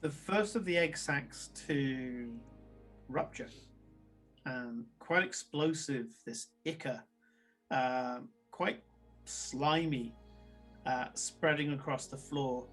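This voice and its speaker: A man narrating a tabletop game, halting with many ums and uhs. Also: mid-range voice, fairly bright tone, faint music behind.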